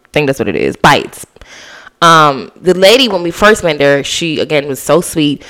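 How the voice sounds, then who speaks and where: A podcast host from the Bahamas in a casual solo chat, slangy and animated, talking straight to listeners. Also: mid-range voice, normal speed.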